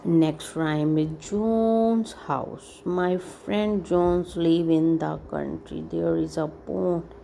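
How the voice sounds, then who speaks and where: A woman reads easy children's stories in a very slow, careful way. Her voice sits low and has a gravelly edge. Behind her is a faint hum of room noise. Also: steady tone, mellow, poor audio. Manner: slow, deliberate reading with little comments and throat clearing. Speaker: English teacher for children. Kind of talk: reading simple stories aloud to kids.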